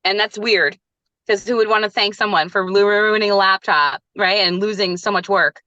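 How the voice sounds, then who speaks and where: A woman's voice: mid-range voice, moderate pace, no room sound, muffled recording. A woman in her thirties, a resilience coach guesting on a podcast, telling a personal story candidly and acting out the lines she quotes. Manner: animated, acts out her own quoted lines.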